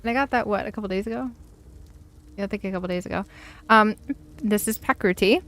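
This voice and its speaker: A woman's voice: medium pitch, fast, a bit bright. Chatty, giggly woman streaming a game. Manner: chatty, giggly, talks to her pets and family while playing. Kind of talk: casual live-stream chat.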